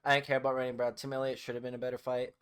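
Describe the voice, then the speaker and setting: Young male podcast co-host, mid pitch, dry sarcastic delivery, trailing mumbles. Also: level tone, very fast, a bit bright, clear, resonant tone. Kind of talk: casual chat.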